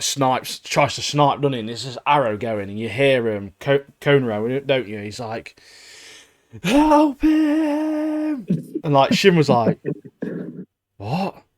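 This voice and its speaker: A man co-hosting a podcast, recapping anime in casual chat, lively and laughing, acting out the characters' lines. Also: medium pitch, a little slow. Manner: animated, acts out characters' lines, laughs often. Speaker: podcast co-host.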